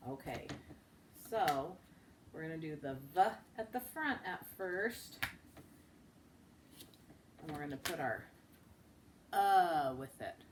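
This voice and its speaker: A woman teaching a children's phonics lesson. She models each sound slowly and with exaggeration, and breaks into sing-song chants. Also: low voice, expressive, noisy background. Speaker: speech and language teacher.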